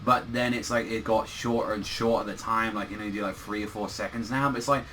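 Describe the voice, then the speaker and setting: Bright-voiced young man ranting about anime. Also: fairly low pitch, fast, slight background noise. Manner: animated, swears a lot, rambling. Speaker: anime reviewer. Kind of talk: casual episode review.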